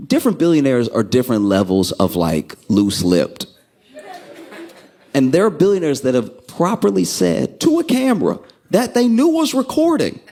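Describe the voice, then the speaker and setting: Animated stand-up comedian man. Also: moderate pace, slight background noise. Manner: animated storytelling, acts out quoted people with sudden pitch jumps.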